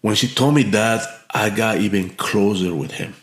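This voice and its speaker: A man's voice: lowish voice, normal speed, fairly bright tone. A man from Mexico telling a heartfelt story as a podcast guest, earnest and full of restarts and fillers. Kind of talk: storytelling in an interview. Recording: echoey room.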